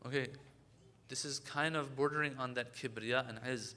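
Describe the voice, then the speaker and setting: A man giving a conversational religious lecture, switching to fast recitation of Arabic supplication lines. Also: medium pitch, steady tone, sharp tone. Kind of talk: sermon. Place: lecture hall.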